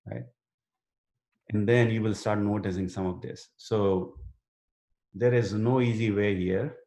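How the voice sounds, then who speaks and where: A man's voice: fairly low pitch, darkish tone, roomy sound. A man teaching a live online writing workshop and answering student questions earnestly, with many fillers and restarts. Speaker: writing instructor. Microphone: video call.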